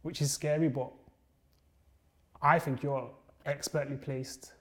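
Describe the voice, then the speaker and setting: A man with a mid-range voice hosts a relaxed podcast conversation. He speaks thoughtfully and warmly encourages his guest, with steady, even delivery. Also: medium pitch, takes it slowly. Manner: encouraging, thoughtful, backchannels often. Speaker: podcast host. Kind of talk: casual podcast chat.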